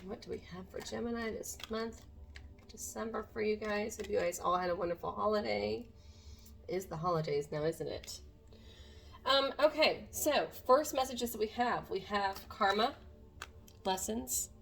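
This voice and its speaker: A woman's voice: medium pitch, moderate pace, vocal fry, a bit bright, a little hiss or hum. A woman doing a casual tarot reading to camera, talking to viewers in an earnest, meandering way. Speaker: tarot reader.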